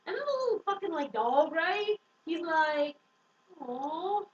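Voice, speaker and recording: A woman's voice: very high voice, sing-song, moderate pace, slight background noise. A young woman casually recapping a book, swearing freely, saying "like" constantly and acting out the quotes. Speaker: book reviewer. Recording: dull, echoey room from a distant mic.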